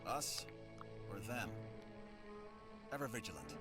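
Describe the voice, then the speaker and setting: Curt park security chief. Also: male voice, fairly low pitch, big pitch swings, slow. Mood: grim. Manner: clipped, authoritative. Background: game music.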